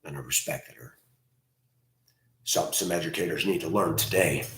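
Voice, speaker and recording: A man ranting crudely in a monologue, breaking into loud outbursts and mocking voices. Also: extremely low pitch, moderate pace, echoey room, slight background noise. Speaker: host.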